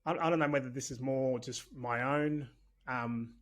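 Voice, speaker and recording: The Australian man talks at a moderate pace in a mid-range voice with a steady tone. He's a business owner appearing as a podcast guest, and his manner in the casual interview is chatty, candid and rambling.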